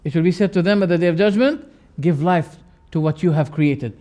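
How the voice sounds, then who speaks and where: A man teaching a lecture on religious creed, emphatic and repeating key words, with sharp rises and quiet drops. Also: a little high, brisk.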